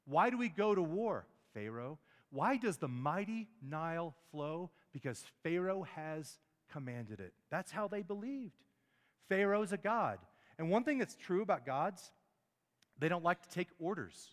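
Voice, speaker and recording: A man's voice: a little high, very animated, measured pace. Preaching man, echoing church hall. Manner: emphatic, rhetorical questions, stumbles on words. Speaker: pastor. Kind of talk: sermon. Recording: long hall reverb.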